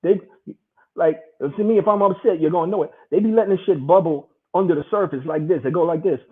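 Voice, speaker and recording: Man, high voice, gravelly, husky, casual storytelling, phone-like sound. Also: fast. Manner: animated, swears freely. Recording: tinny phone-like line.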